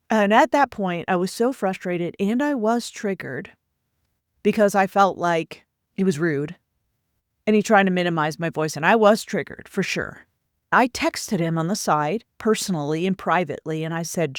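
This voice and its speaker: A woman's voice: fairly low pitch, animated, a little slow, no room sound, studio quality. A woman career coach candidly recounting a personal workplace story, acting out the quoted dialogue as she goes.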